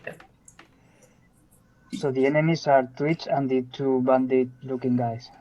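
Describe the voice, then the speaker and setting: A man playing in a tabletop game, asking quiet questions. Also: mid-range voice, flat delivery, measured pace. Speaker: player. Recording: dull lo-fi mic.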